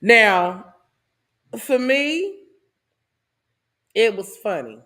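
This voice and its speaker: A woman hosting her own channel, giving a casual and animated commentary monologue with a preachy tone and laughing asides. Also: on the high side, very slow. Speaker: host.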